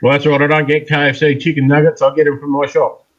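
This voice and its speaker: A man's voice: on the high side, monotone, fast, highs cut off. A man co-hosting a live stream, cracking dry jokes and bantering with the chat.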